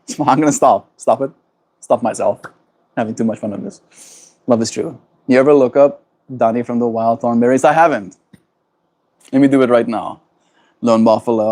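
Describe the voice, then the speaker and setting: A man with a South African accent chatting gently on a livestream, greeting viewers and laughing often. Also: mid-range voice, fairly even intonation, normal speed, long pauses. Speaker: livestreamer reading chat. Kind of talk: casual livestream chat.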